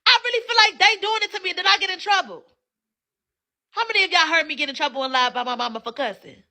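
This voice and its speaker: High bright brash livestream host woman. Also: fast talker, gravelly. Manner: brash, hypes viewers for gifts, frequent cussing. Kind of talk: casual livestream chat. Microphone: phone.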